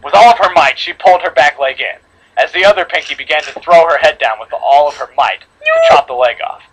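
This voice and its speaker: A man's voice: a little high, a little fast, heavy background noise. A man reading a horror fan story aloud to friends, dramatic, with slips and re-reads. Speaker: story reader.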